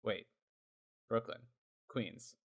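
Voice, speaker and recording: A man co-hosting a podcast in casual chat, talkative and quick to laugh, with plenty of fillers. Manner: chatty, laughs often, lots of fillers. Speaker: podcast co-host.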